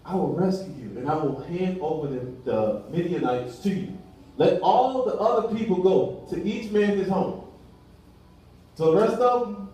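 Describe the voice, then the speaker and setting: A man's voice: high-pitched, big pitch swings, moderate pace, mellow. A man preaching a sermon in a casual, colloquial way, acting out dialogue as he goes. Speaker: pastor. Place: church hall. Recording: echoey room from far off the mic.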